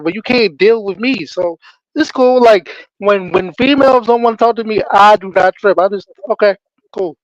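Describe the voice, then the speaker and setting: A man's voice: sits high, fairly quick, no echo. A man speaking as a podcast guest over a remote call, laid-back and matter-of-fact, with dull lo-fi call audio. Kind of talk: casual podcast chat. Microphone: remote streaming call.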